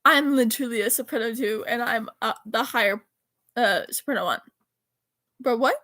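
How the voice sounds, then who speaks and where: A woman's voice: a little high, moderate pace, sharp tone, no echo. A teenage girl chatting casually, rambling and correcting herself as she reads old text messages aloud. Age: teens. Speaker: vlogger. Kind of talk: casual chat reading texts aloud.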